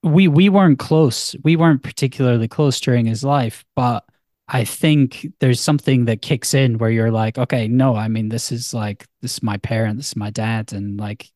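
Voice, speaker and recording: A man's voice: mid-range voice, moderate pace, darkish tone, no room sound, studio quality. A man co-hosting a film podcast, rambling and self-mocking in casual chat. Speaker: podcast co-host.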